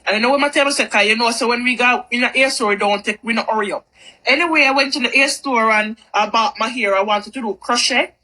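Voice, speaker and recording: A woman with a bright, high voice tells a casual storytime tale in a lively way, repeating phrases for emphasis. Her tone is forward and sharp-edged. She talks fast, and the recording quality is low.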